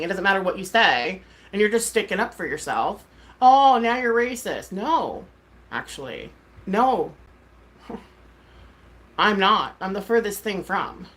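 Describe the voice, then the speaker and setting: A woman's voice: medium pitch, a bit bright. A woman, a mom and streamer, ranting casually to her viewers, exasperated and swearing freely with lots of "like". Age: adult mom. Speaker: YouTuber and streamer.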